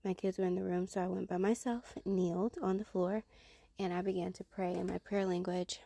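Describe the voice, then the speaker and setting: A woman's voice: lowish voice, little pitch movement, brisk, gravelly, warm tone. A woman earnestly telling her personal Christian testimony in a conversational way, acting out her own reactions as she goes.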